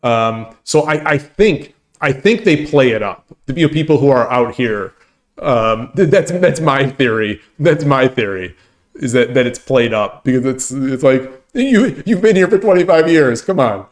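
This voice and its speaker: A man chats casually on his own stream in a loose, rambling way, often stopping to restart a thought. His pitch sits in the ordinary middle range for a man. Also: unhurried. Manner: rambling, full of restarts and laughter. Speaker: streamer and host. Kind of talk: casual chat with stream viewers.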